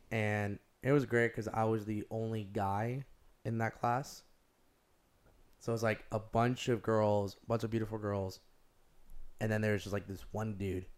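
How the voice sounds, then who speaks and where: Rambling young man telling stories. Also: fairly low pitch. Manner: rambling, heavy use of "like", animated storytelling. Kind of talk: casual chat.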